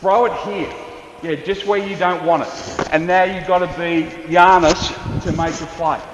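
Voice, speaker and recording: A male basketball coach with an Australian accent, running an on-court clinic with quick, encouraging instructions to players. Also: sits high, steady tone, background noise. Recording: echoey gym, dull lo-fi sound. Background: balls bouncing, faint gym ambience.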